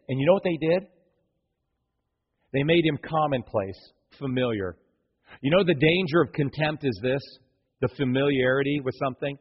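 A man's voice: medium pitch, normal speed, pauses often, breathy edge. A man preaching a sermon from the pulpit, acting out the voices of people in his stories. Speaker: pastor. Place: church sanctuary. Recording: dull lo-fi church hall reverb.

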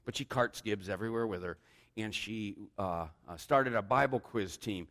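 A man's voice: on the low side, normal speed, a bit bright, long reverb tail. A man preaching a sermon as pastor, rambling with joking asides.

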